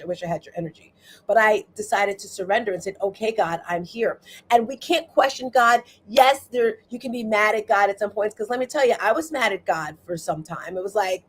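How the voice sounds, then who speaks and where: A woman hosting a motivational livestream, chatty and animated, often asking her viewers "right?" and speaking straight to them. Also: fairly high pitch. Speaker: livestream host.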